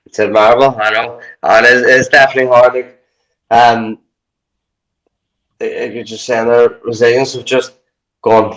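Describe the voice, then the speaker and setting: Brief: male podcast guest, ex-fighter turned coach, mid-pitched voice, rambling and profane. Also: level tone, a little slow, pauses often, fairly bright tone, poor audio. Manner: rambling, swears a lot, acts out his own inner talk. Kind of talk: casual chat.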